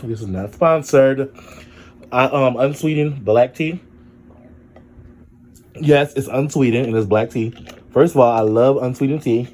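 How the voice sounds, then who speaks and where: A man's voice: medium pitch, darkish tone, a little hiss or hum. A young man hosting a casual solo podcast, chatty and rambling, with lots of fillers as he talks through his feelings. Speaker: podcast host.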